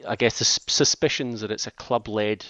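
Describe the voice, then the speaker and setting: Low-pitched male host, brisk and guiding, dry lo-fi recording. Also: steady tone, bright, forceful tone, no room sound. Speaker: podcast host. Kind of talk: casual football chat.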